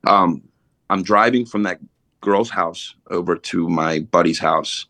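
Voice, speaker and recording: A man's voice: low-pitched, unhurried, pushed and bright, no echo. A middle-aged man, a podcast guest, telling a blunt, profane, emotional story about his recovery in a casual way.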